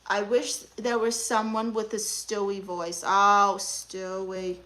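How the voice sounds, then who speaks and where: Woman, young adult, Brooklyn accent, sassy, teasing, bright voice. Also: medium pitch, flat delivery, slow. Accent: Brooklyn New York. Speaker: livestream host playing an aunt therapist. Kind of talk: live stream chat reading.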